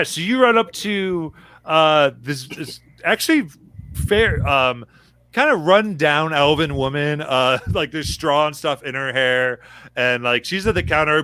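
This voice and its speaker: A man game master narrating a tabletop game in a relaxed, halting way with many fillers. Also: a little high, no echo, low-quality recording.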